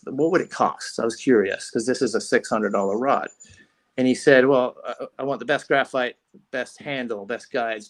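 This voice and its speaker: Man, gravelly voice, middle pitch, casual rambling storyteller, podcast guest. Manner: rambling, frequent restarts and fillers. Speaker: podcast guest, fishing rod company founder.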